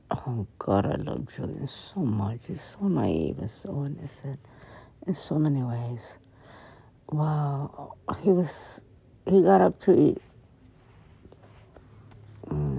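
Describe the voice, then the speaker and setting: Deep, gravelly, husky-voiced woman. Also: mellow, no echo, low-quality recording. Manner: profane, rambling storyteller. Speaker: podcast host. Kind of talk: casual rambling monologue.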